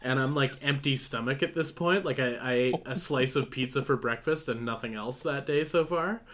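A man's voice: medium pitch, normal speed, a bit bright. A young man co-hosting a podcast, telling a story in a rambling, self-mocking way, full of fillers and swearing. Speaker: podcast co-host. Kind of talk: casual storytelling chat.

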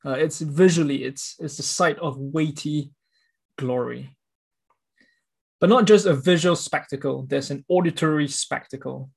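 A man's voice: a little high, unhurried, creaky, slightly rough. A man preaching a sermon, reading scripture and explaining it in an earnest, emphatic way with repeated words.

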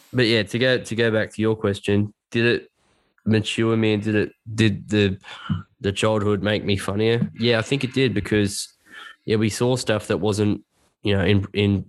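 A man's voice: fairly low pitch, fairly even intonation, measured pace, no room sound. An Australian man, a podcast guest, chatting casually in a jokey, rambling, self-deprecating way. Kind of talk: casual chat.

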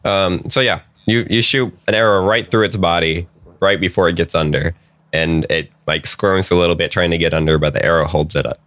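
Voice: sits low, steady tone, brisk, fairly bright tone, dry recording. A game master narrating a tabletop game, giggly and rambling with many fillers.

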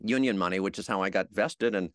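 A man's voice: sits low, fast, dry recording. Storytelling showbiz man, dry sound. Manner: animated anecdotes with acted-out quotes. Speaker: guest, TV host. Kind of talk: storytelling interview.

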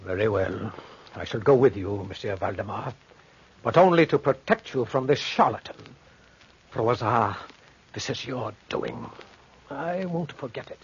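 An actor playing a stern, pious and disapproving family doctor who lectures in a moralizing tone in a 1940s radio play, on a dull old broadcast recording. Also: male voice, medium pitch, expressive, unhurried, breathy edge, heavily acted.

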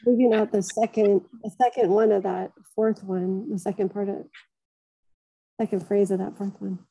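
A woman's voice: mid-range voice, steady tone, moderate pace, warm tone, husky, no echo, rough recording. A woman earnestly recounting a personal experience in a casual group discussion.

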